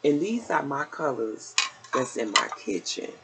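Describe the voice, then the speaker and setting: An older woman talks her viewers through a shopping haul in slow, unhurried sentences, calling them y'all. Her voice is gravelly, and she sounds a little out of breath. A steady hiss of noise sits under the recording. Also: extremely low pitch. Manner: chatty, down-home, addresses viewers as y'all. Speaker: vlogger. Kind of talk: casual haul video chat.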